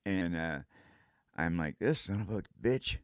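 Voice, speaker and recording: A man's voice: deep voice, animated, unhurried, smooth, no room sound, clean studio sound. An older man telling a casual first-person story in a rambling way, breaking into vocal sound effects.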